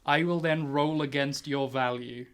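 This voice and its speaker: A man's voice: mid-range voice, steady tone, normal speed, a bit bright, clean tone. A man running a tabletop game, narrating in a rambling way and laughing often. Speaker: game master.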